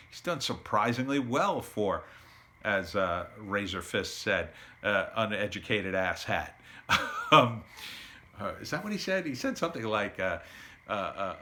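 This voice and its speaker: A man's voice: fairly low pitch, sharp tone. A man giving a casual, blunt political opinion monologue, sarcastic and laughing at his own jabs. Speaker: political commentator.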